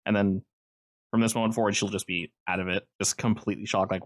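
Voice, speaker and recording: Low-voiced man running a tabletop game. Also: level tone, fast talker. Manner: casual, loose narration with frequent fillers. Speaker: game master.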